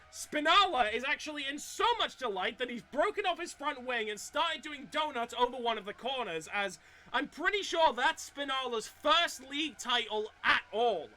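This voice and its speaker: Excitable, very high-voiced male race commentator. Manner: excitable, often stumbling and restarting words. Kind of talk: live sim racing commentary.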